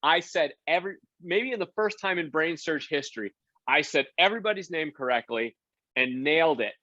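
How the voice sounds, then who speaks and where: Guest spot: man with a forceful bright voice, lively anecdote-teller, dry dull podcast sound. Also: a little fast, dry recording. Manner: animated anecdote-telling, acts out quotes with big pitch jumps. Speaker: producer and game show host, guest. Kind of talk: casual podcast storytelling.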